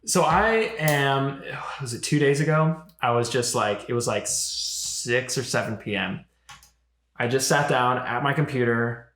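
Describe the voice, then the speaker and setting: A man's voice: medium pitch, measured pace. Chatty young man in an echoey room. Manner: animated storytelling, frequent swearing and filler likes. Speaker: podcast co-host. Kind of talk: casual chat.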